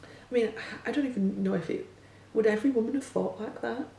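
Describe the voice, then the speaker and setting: A woman's voice: a little high, fairly quick, vocal fry, mellow. A young woman, a teacher, talking casually and full of rhetorical questions, with many filler words. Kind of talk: casual opinion monologue. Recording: distant mic in an echoey room with faint hum.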